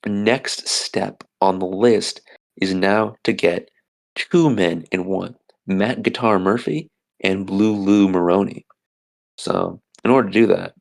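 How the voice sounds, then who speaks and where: A man's voice: fairly low pitch, gravelly, a little mellow. A young man hosting a podcast, giving a rambling, hyped, self-correcting casual recap of a movie. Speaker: podcast host.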